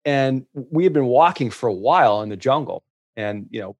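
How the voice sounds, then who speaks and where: A man telling travel stories as a guest in casual chat, restarting often and getting lively in the punchlines. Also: mid-range voice, normal speed, highs cut off. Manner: animated storyteller, many restarts.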